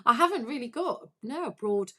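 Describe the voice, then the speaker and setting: A woman's voice: on the high side, animated, normal speed, sharp tone, slightly rough. A woman from Cornwall, a guest on a radio show, chatting casually and laughing often at herself.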